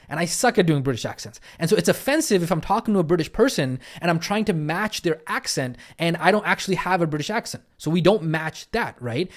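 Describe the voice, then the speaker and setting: Man teaching with steady check-ins. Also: high voice. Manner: repetitive teaching cadence, frequent "right?" and "okay?" check-ins. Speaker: coaching trainer. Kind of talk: recorded training lesson.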